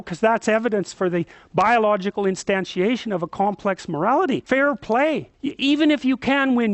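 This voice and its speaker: A man's voice: high-pitched, no echo. A man giving a psychology lecture as a story, emphatic and chatty, full of asides. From Canada.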